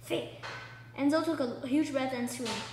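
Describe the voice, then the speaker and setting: High-voiced woman reading a kids' book. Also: unhurried, echoey room, poor audio. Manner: chatty asides explaining the story. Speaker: book reader. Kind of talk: reading a children's book aloud with comments.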